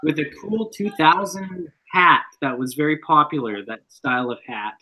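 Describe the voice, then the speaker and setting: Bright, blunt man on a podcast. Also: a little high, moderate pace, rough recording. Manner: blunt, swears casually. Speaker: podcast co-host. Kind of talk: casual chat reacting to a wrestling show.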